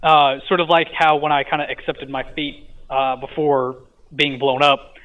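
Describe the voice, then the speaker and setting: A man's voice: a little high, flat delivery, moderate pace, fairly bright tone. A man, a podcast guest, casually retelling a dream, hesitant with many fillers and a stutter he mentions himself. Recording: tinny phone-like line.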